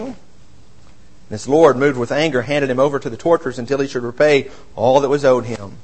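A man preaching a sermon, reading scripture aloud and explaining it, swinging between raised emphasis and quiet asides. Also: mid-range voice, brisk, rough recording.

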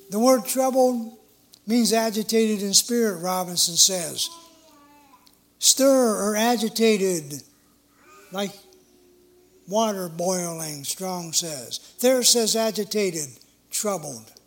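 Middle-aged guy preaching, slow and emphatic, kinda high voice. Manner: earnest, emphatic, slow measured delivery. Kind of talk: sermon.

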